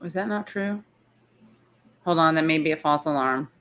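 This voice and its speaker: A woman with a low voice hosts a casual live chat. She sounds tired and rambles, circling back and breaking off her own sentences as she thinks aloud. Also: moderate pace, a bit bright, slight background noise. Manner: chatty, rambling, self-interrupting. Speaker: show host. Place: in the city, not her usual spot.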